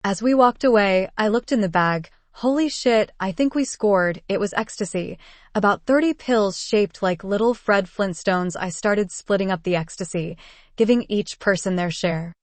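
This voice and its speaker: A woman's voice: medium pitch, moderate pace, dry recording. Woman narrating a story, dry close sound. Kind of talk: first-person story narration.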